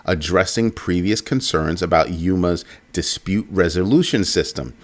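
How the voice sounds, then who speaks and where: A man hosting a casual crypto commentary show, animated and jokey, repeating his points. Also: deep voice, moderate pace, hardly any pauses. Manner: animated, repetitive, jokey asides.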